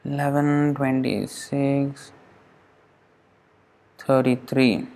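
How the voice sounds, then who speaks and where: A man teaching an informal lesson on verse pronunciation, patient, often restarting and sounding words out slowly syllable by syllable. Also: mid-range voice, gravelly, darkish tone. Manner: frequent restarts, thinking aloud.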